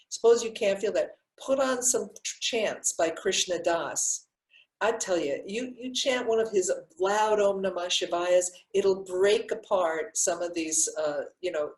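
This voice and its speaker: Older woman teaching, echoey room. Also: fairly low pitch. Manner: warm, rambling, many restarts and fillers. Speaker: breathwork teacher. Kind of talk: live Q&A answers.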